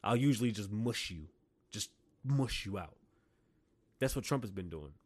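In a lowish, darkish voice, animated and at a moderate pace, a Las Vegas, Nevada man runs his own podcast with a profane, blunt monologue. He argues forcefully, and heated bursts break out when a point hits home.

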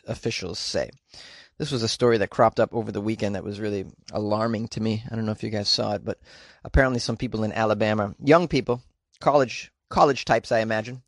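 A man's voice: fairly low pitch, no echo. A man from California giving casual news commentary, sarcastic and incredulous, with rambling asides. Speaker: commentary host.

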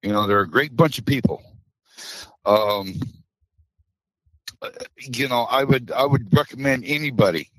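A man on the edge of crying speaks haltingly and keeps restarting his sentences. His voice sits in a middle range and is recorded dry and close. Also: medium pitch, fairly bright tone, dry recording, low-quality recording. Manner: halting, apologetic, many restarts. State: close to tears. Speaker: interview guest, former truck driver. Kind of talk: emotional interview.

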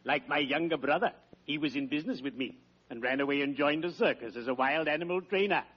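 A sepulchral punning undertaker. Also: male voice, on the high side, slightly rough. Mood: solemn. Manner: slow, solemn, drawn-out delivery. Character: gloomy, pun-loving male undertaker. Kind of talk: 1940s radio sitcom acting. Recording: dull old radio recording.

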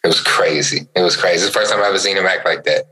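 A man's voice: racing, low-quality recording. A young man co-hosting a podcast, telling a story in casual chat and acting out the voices he quotes. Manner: animated storyteller, acts out quotes with big pitch jumps. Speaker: podcast co-host.

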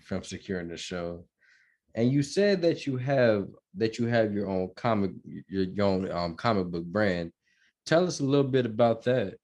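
Low-voiced relaxed male podcast host. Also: normal speed. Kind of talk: casual interview.

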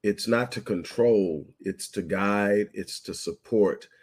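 A man hosting a casual conversation over a video call, measured and reflective, building his points as lists. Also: on the low side, breathy edge.

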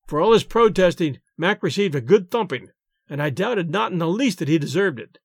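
A man narrating a short story audiobook in an expressive, animated way. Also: sits high, fairly quick, husky, dry recording, clean studio sound.

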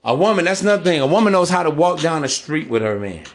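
Male podcast host, slightly high voice, blunt and preachy, street slang, faint music underneath. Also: very animated, quick pace. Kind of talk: casual monologue.

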